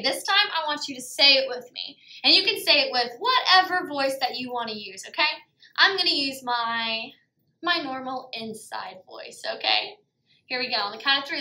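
A woman teaching a Bible lesson to preschoolers, animated and sing-song, with gasps and exclamations. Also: high voice, reverberant.

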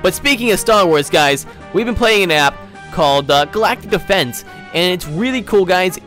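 A young man hosting a modded game, chatting excitably to viewers and slipping into playful villain role-play. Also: high-pitched, normal speed, soft background music. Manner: excitable, keeps addressing viewers as guys. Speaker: gaming channel host.

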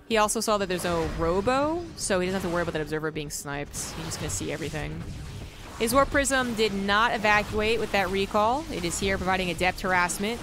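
An American woman giving casual live game commentary as a caster, rambling and correcting herself as she goes. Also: fairly low pitch. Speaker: esports caster. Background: music.

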